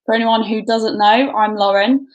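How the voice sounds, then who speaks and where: A woman's voice: on the high side, fairly even intonation, dull audio. Chatty Brummie woman hosting a podcast. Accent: Birmingham. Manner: friendly, chatty, reads out odds deliberately. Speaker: podcast host.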